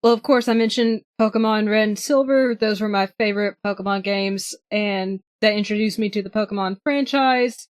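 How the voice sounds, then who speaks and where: A young woman joins a casual podcast chat in a cheerful, enthusiastic way. Her voice sits at an ordinary pitch. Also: normal speed, few pauses, smooth. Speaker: podcast co-host.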